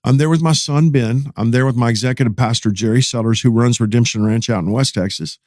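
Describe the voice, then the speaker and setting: A middle-aged pastor tells a story as a podcast guest, animated and casual, full of "man" and "dude". His voice sits at an ordinary pitch. The sound is dry and close, with no room around it. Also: fast, dry recording.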